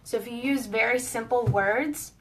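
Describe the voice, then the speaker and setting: A woman's voice: a little high, moderate pace, distant mic. A woman giving a casual, explanatory online lesson as a pet wellness educator, with a few small fillers.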